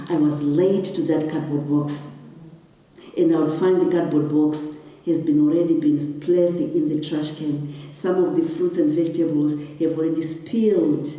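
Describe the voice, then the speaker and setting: A woman from Zimbabwe, speaking as a guest in a large hall, recounts a personal story with emotion before building to impassioned questions. Her low, mellow voice is captured by a distant mic amid the hall's echo.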